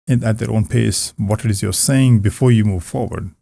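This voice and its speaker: A man coaching on communication skills, talking calmly to the camera in a relaxed, conversational way with frequent restarts. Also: fairly low pitch, a little fast, vocal fry, few pauses, no room sound. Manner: calm, conversational, many restarts. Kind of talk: casual talk to camera. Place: indoors, close to camera. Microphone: camera about two arm lengths away.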